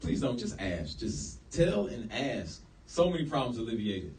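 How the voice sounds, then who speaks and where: A man's voice: mid-range voice, a little slow. A man giving a casual lecture to a live audience, slangy and acting out quotes. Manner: animated, acts out quoted speech, slangy. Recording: echoey room, mic far off.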